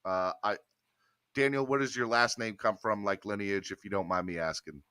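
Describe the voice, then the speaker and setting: A man hosting a casual sports podcast, talking in an animated, rambling way with restarts. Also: fairly low pitch, normal speed, smooth, no echo. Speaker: podcast host.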